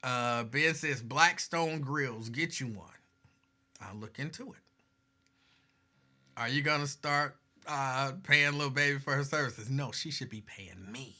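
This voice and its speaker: Hosting a live talk stream, a man with a medium-pitched, slightly slow voice chats casually and reads viewer comments aloud in a laid-back way. He's relaxed and chatty, signing off with warm advice.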